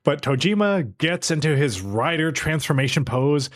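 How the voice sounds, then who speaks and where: Brief: male podcast co-host, casual plot recap, lively intonation. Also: fairly high pitch, normal speed. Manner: narrates the plot, acting out short character quotes.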